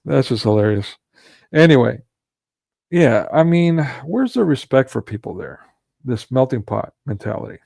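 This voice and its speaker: A man's voice: mid-range voice, very animated, moderate pace, gravelly, a little mellow, breathy edge, no echo. A man delivering a ranting monologue commentary, sarcastic and scornful, breaking into mocking laughs.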